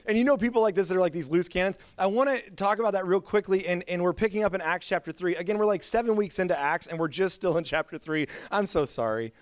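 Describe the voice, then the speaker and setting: A man's voice: sits high, fast, hardly any pauses, dry recording, clean studio sound. A man preaching a sermon as pastor, telling stories in a casual, chatty way with lots of filler words. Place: church.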